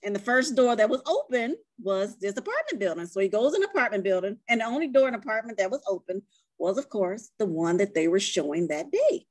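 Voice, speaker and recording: A woman's voice: medium pitch, very animated, brisk, no room sound. Woman librarian chiming in on a book. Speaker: librarian co-host. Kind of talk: casual book discussion.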